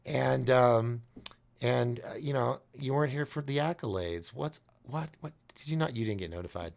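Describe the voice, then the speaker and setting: Rambling, gravelly man hosting a live show. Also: mid-range voice, normal speed, a little mellow. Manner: rambling, jokey, laughs at himself. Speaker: host of a nightly call-in show. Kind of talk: casual live-show monologue.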